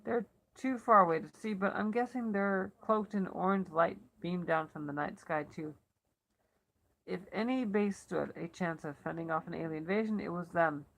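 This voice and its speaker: Woman reader, first-person novel, low gravelly voice, self-corrects as she goes. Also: moderate pace, fairly bright tone, poor audio. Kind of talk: reading a novel aloud for elocution practice.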